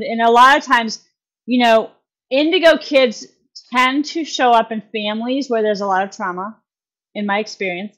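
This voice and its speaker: A woman's voice: on the high side, a bit bright. A woman guest on a podcast, explaining at length in a casual, rambling way, full of fillers and restarts and folksy phrasing.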